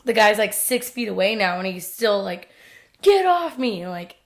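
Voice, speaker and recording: Young woman, podcast co-host, casual chat, animated storytelling, mid pitch. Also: fairly quick. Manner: animated storytelling, acts out quotes loudly, swears freely.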